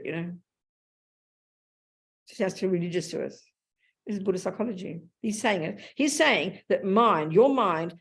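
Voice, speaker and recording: An older Australian woman giving a Buddhist teaching in a blunt, lively and colloquial way. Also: mid-range voice. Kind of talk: Dharma talk.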